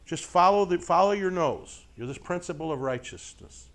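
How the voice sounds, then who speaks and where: A man's voice: high-pitched, moderate pace. A middle-aged man teaching a conversational sermon to a live group, folksy and joking, constantly checking with rhetorical questions. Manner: asks frequent rhetorical questions and tag checks; folksy, lively, jokes with listeners. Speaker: Bible teacher.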